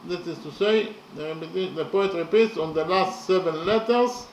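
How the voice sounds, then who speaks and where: A man explaining verse slowly and methodically, counting syllables and letters aloud with many pauses. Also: high voice, echoey room, dull audio, slight background noise. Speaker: poetry lecturer. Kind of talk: methodical spoken analysis of verse.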